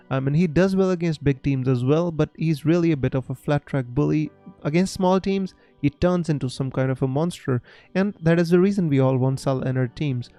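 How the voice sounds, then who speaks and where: A young Indian man with an Indian English accent, chatting casually on a live stream, halting with many fillers as he answers viewers. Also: on the high side, warm tone, clean tone, dry recording. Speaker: fantasy football streamer.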